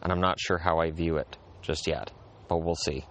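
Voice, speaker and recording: A man's voice: low-pitched, level tone, moderate pace, fairly bright tone. A man hosting a casual solo show, rambling in an easygoing way, repeating phrases and restarting his sentences. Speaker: podcast host. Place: outdoors in a backyard.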